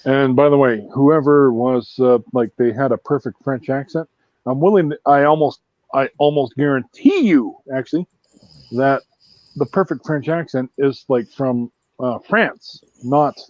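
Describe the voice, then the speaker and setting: A man's voice: medium pitch, a little slow, a little mellow, no room sound. A man from Canada chats casually on a stream and rambles with plenty of fillers and false starts. His voice sits in the middle range. The sound is dry and slightly dull. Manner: rambling, full of fillers and restarts. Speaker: host. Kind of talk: casual chat on a live stream.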